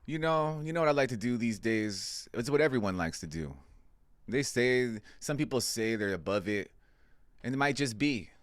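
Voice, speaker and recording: A man's voice: mid-range voice, expressive, normal speed, no room sound. A man delivering a comedic monologue, laid-back and slangy, swearing constantly.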